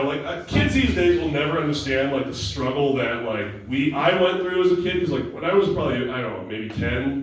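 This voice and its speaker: Young guy doing raunchy standup, mic kinda far, really echoey noisy room. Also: mid-range voice. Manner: crude, rambling, self-mocking. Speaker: stand-up comic. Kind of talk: live stand-up set. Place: comedy club stage.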